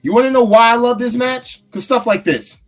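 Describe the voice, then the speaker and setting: A man hosting a casual podcast chat, animated, playful and swearing freely. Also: very high voice, brisk, soft background music. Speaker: host.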